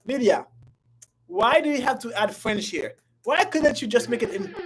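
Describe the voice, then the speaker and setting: A woman teaching an English class in a playful, coaxing way. She repeats herself often and swings between loud and soft. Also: medium pitch, animated, unhurried, a little hiss or hum, low-quality recording. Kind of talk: live online language class.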